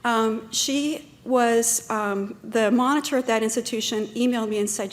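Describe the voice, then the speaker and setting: A woman's voice: on the high side, normal speed, hardly any pauses. A woman giving a talk at a conference, speaking in a chatty way with many fillers and restarts. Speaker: conference presenter. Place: conference room.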